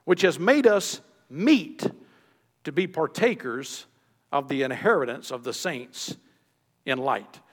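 A man preaching a sermon with a high-pitched voice that rings out with long reverb, as if from a church sanctuary. He pushes up into emphatic peaks, then falls back to quiet, low phrases. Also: expressive, slow. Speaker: pastor.

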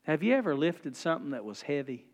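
A high-voiced man in his forties preaches with folksy storytelling. He swings between soft, low asides and loud, rising peaks. His voice rings with the long reverb of a church hall. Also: sing-song, fast. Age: 40s. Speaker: pastor. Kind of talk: sermon with storytelling.

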